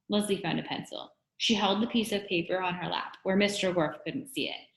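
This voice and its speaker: A woman reading a children's chapter book aloud in an expressive, steady storytelling manner. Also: fairly low pitch, normal speed. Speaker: reader. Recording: roomy echo.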